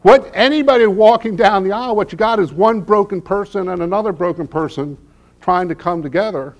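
A middle-aged male pastor preaching a sermon with humorous stories, dropping to hushed low lines and rising to loud emphatic peaks. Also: lo-fi sound. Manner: humorous storytelling.

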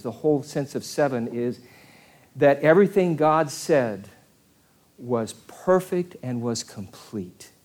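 Man preaching with dramatic swings. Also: mid-range voice. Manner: dynamic, swings from quiet murmurs to loud acted outbursts; conversational, asks the audience questions. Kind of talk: sermon.

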